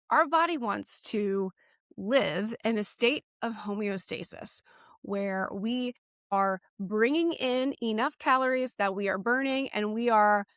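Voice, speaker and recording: A woman's voice: a little high, fairly bright tone, no room sound, clean studio sound. A woman in her thirties, a fitness coach host, talking straight to camera in a blunt, sassy way and swearing casually. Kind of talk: direct-to-camera coaching talk.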